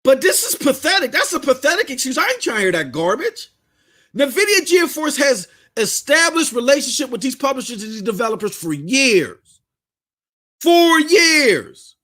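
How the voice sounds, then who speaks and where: A man's voice: extremely high pitch, very animated, moderate pace, bright, forceful tone. A man with a Southern US accent, hosting a podcast and ranting in blunt, fiery, slangy commentary. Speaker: podcast host. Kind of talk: heated commentary rant.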